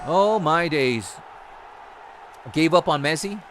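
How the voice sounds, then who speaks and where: A man's voice: fairly high pitch, animated, slow pace, background noise. A man streaming a football video game, commentating live and ranting in frustration with constant swearing. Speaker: gaming streamer.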